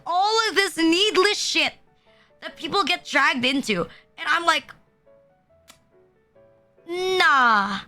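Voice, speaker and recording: Bright, high-voiced woman ranting on stream. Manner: heavy filler "like", swearing, exasperated ranting. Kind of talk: casual livestream rant. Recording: faint music behind.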